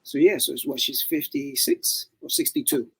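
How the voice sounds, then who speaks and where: A man co-hosting a podcast, his gravelly, husky voice sitting a little high and bouncing widely in pitch. He chats casually and tells stories in an animated way, often dropping into quick put-on voices. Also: rough recording. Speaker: podcast co-host. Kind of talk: casual chat.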